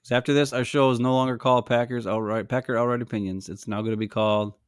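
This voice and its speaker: A man's voice: medium pitch, fairly even intonation, fast talker, smooth. A man co-hosting a casual sports chat, griping and joking. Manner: griping, jokey. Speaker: podcast co-host.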